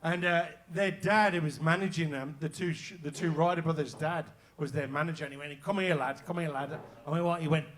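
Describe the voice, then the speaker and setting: A man in his fifties, a guest on a live panel show, telling an animated story and swearing freely. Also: fairly high pitch, brisk, hardly any pauses.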